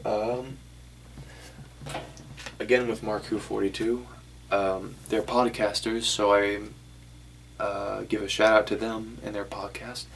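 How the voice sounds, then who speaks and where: Flat-voiced young man with a gravelly edge. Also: fairly low pitch, slow, a little hiss or hum. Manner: rambling, self-correcting, shows items to camera. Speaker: vlogger. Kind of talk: casual vlog talk to camera.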